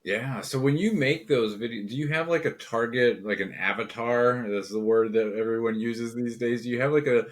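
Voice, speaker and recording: A man's voice: mid-range voice, normal speed, few pauses. A man hosting a podcast, asking interview questions in a conversational, loosely phrased way. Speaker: podcast host.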